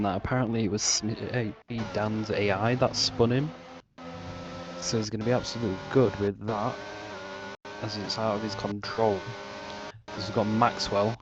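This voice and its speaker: A man giving easygoing color commentary on an online racing league, occasionally unsure of the standings. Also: on the low side. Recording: dull lo-fi mic with steady hiss.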